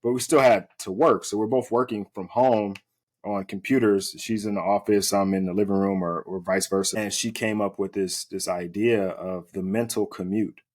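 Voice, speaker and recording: A man hosting an interview podcast, asking long rambling questions and warmly affirming his guest's answers. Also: lowish voice, steady tone, normal speed. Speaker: podcast host. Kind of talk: conversational interview.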